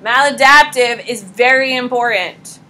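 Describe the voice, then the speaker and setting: A pregnant woman teaching a high school psychology class in a casual, blunt lecture style, talking straight to her students. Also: measured pace, sharp tone, rough recording.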